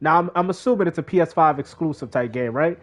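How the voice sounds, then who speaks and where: A man's voice: a little high, quick pace. A man streaming a game, chatting casually with his chat and using slang. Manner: animated, talks to chat in slang. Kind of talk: casual live-stream commentary.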